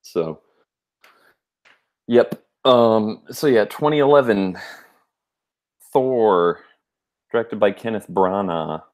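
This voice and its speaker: Deep-voiced man rambling in casual chat. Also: lively intonation, takes it slowly, pauses often, darkish tone. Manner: rambling, many fillers and restarts. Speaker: podcast co-host.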